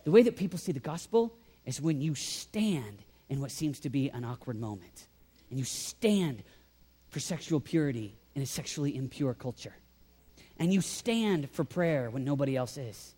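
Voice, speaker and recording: A man preaching a sermon as pastor, talking in an animated way and swinging from loud emphasis to quiet intensity. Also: medium pitch, moderate pace, husky. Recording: long hall reverb.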